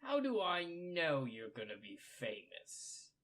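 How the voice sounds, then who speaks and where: A man's voice: fairly high pitch, wildly swooping pitch, slow pace, fairly bright tone, pitched above the performer's own voice, exaggerated voice. A man doing a tired, skeptical gate guard. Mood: doubtful. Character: tired early-morning male gate guard.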